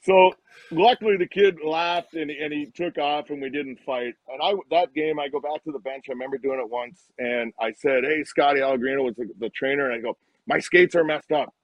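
A man in his fifties tells animated stories as a guest on a live talk show, slipping into the voices of the people in them. His voice sits a little high for a man. The audio is dry and dull, with no room sound at all. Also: a little fast, no room sound. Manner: animated anecdotes, acts out quoted lines. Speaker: guest, retired hockey player. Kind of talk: casual storytelling on a live show.

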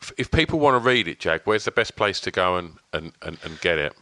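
A man hosts a podcast with a very low voice that still sounds bright and crisp. The sound is dry and close. He talks casually, halting and restarting his sentences. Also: lively intonation, no room sound. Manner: halting, many fillers and restarts, casual swearing. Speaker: podcast host. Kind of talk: casual interview chat.

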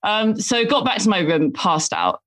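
A woman's voice: medium pitch, moderate pace. A woman telling a self-deprecating anecdote in casual chat. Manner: animated storyteller, self-deprecating. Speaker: guest telling a story.

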